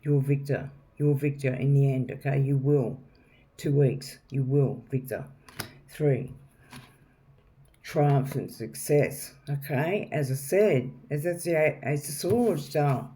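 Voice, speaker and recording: A man's voice: mid-range voice, slow pace, warm tone. A man giving a casual tarot reading at home, chatty and rambling, calling the viewer darling. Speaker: tarot reader. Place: home, with a noisy neighbour drilling nearby. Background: faint drilling and household noise.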